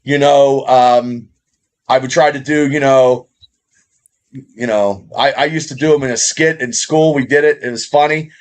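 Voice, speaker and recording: A man's voice: medium pitch, fairly even intonation. A middle-aged man co-hosting a podcast, talking casually with lots of swearing and rambling. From Indiana, USA. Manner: profane, rambling, fast. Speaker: podcast co-host.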